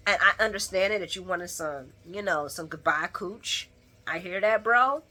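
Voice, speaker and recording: A woman's voice: on the low side, moderate pace, bright, forceful tone. A woman casually recapping a soap opera episode on her channel, talking back to the characters with sass and frequent laughter. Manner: sassy, talks back to the characters, laughs often.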